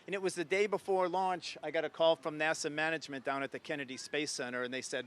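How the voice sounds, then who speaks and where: A man in his sixties from Ohio, his voice a bit high for a man, tells a story with eager enthusiasm. He speaks as an astronaut guest in an interview. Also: steady tone, quick pace, fairly bright tone, slight background noise.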